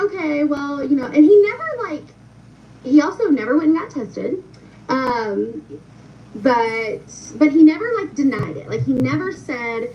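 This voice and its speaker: A young woman with a fairly high voice, chatting away to her viewers with plenty of fillers. She sounds set back from the mic, muffled, with a faint hiss underneath. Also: expressive, moderate pace, dark tone. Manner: chatty, many fillers, addresses viewers directly. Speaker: storyteller. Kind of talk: casual storytelling to viewers. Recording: distant, muffled with faint noise.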